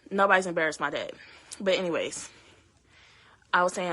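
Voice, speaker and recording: Bright-voiced young woman, halting storytelling. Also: lowish voice. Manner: halting, many fillers and restarts, speaks to viewers directly. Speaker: vlogger telling her story. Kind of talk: emotional personal storytelling to camera.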